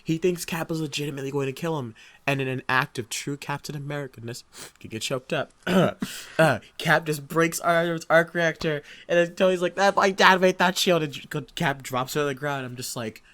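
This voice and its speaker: A young man co-hosting a movie podcast, talking in an excitable, rambling way with lots of restarts. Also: on the high side, brisk. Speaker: podcast co-host. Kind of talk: casual chat.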